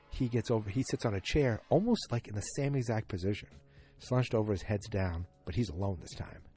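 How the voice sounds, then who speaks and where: A man hosting a solo podcast, retelling a TV episode in a rambling, animated way and acting out the characters' lines. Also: on the low side, breathy edge. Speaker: podcast host. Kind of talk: casual solo recap.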